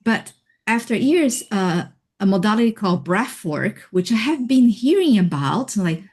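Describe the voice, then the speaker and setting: Slow, reflective woman on a video call. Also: mid-range voice, very animated. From Hawaii. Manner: slow, thoughtful, with soft laughs and fillers. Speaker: interview guest, healer and life coach. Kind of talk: reflective personal storytelling.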